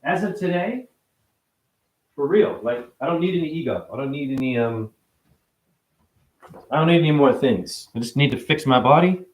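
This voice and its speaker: A man's voice: fairly high pitch, lively intonation, normal speed, pauses often. Man ranting, profane and preachy. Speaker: livestream host. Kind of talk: rambling spiritual livestream monologue.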